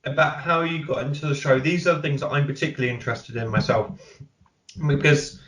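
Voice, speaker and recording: A man's voice: fairly high pitch, a little fast, fairly bright tone. British male podcast co-host, earnest, reads listener mail, echoey room sound. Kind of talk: reading listener feedback, casual chat. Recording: roomy echo.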